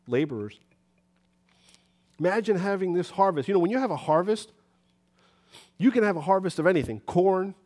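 A high-voiced man preaches a lively church sermon. He swings his voice up when he plays out little scenes of talking to people. His pitch sits well above most men's. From New York City. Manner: animated, acts out conversations with rising pitch.

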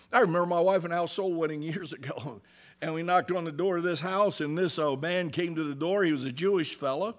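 Man, pastor, middle-aged, sermon, slightly high voice, loud bursts and hushed asides. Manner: preaching with big swings from loud to hushed, asks "amen?".

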